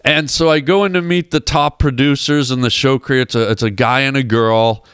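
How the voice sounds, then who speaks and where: A man's voice: medium pitch, steady tone, a little fast, fairly bright tone, clear, resonant tone, dry recording, studio quality. A man, a comedian and actor guest on a radio show, telling rambling comic anecdotes and acting out the people in them. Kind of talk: animated storytelling on a radio show. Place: radio studio.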